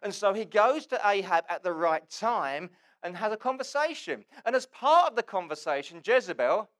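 A man preaches with a fairly high voice and plenty of animation. He swings between near-shouting and hushed asides as he tells the story. His delivery carries a wry, sarcastic humour. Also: animated, normal speed. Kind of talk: sermon.

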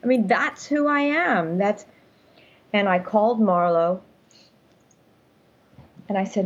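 A woman's voice: mid-range voice, expressive, slow, long pauses, muffled recording. An older woman telling her story as an interview guest, earnest and emphatic, speaking from home over a call. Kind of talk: casual interview talk. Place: home room.

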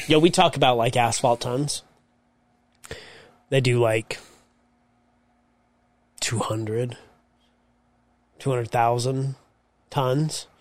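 A man's voice: mid-range voice, no echo. A man co-hosting a casual podcast chat, giving blunt, profane answers. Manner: blunt, profane, quick replies. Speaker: podcast co-host.

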